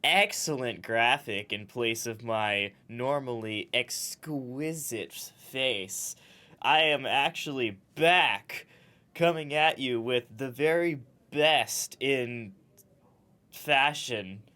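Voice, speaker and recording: A man's voice: medium pitch, slow pace, pushed and bright. A man co-hosting a comedy podcast, teasing dryly with some hesitation. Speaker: podcast co-host. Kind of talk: casual comedy chat.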